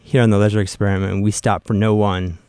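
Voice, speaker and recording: A man's voice: fairly low pitch, flat delivery, fast talker, dark tone, clean tone. A man hosting a radio music show, back-announcing records in a casual, joking way. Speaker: radio host. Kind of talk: casual on-air chat.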